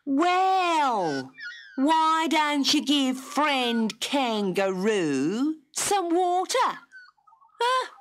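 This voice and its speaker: A rude, mocking creature from a storybook, voiced by a woman. The voice is high and scornful, and it drawls slowly with wide swoops of pitch. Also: very animated, slight background noise, exaggerated voice.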